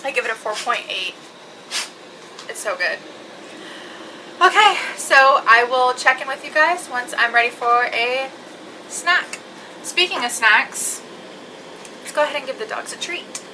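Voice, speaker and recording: Young woman vlogging in her kitchen, talks slow and a bit high, chatty and giggly, noisy home cam audio. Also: lively intonation, bright, forceful tone. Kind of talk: casual chat to camera. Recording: home camera with clear background noise.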